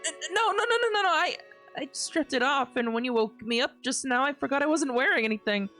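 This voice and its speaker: A man's voice: very high-pitched, animated, fairly quick, sharp tone, soft background music, voice pushed up, heavily acted. A streamer voicing a flustered young American woman student who stammers, in a visual novel read-aloud.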